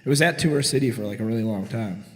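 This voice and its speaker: A man's voice: fairly low pitch, quick pace, in a large hall. Profane, swaggering forty-year-old man in a garage. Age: 40s. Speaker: podcast co-host. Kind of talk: casual storytelling chat.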